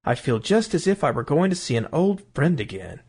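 A man voicing a cheerful, unsuspecting father, talking in a bright, pleased way. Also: a little high, sing-song, fairly quick, husky, full character voice.

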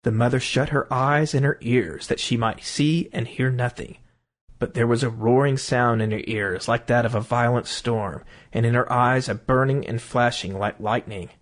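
A man reading a fairy tale aloud as storyteller, in an expressive, melodic way. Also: medium pitch, normal speed.

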